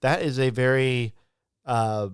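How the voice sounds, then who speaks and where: A man's voice: mid-range voice, slow, smooth, no room sound, studio quality. A man hosting a live podcast interview, chatting casually and rambling, with lots of restarts and acted-out quotes. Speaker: podcast host.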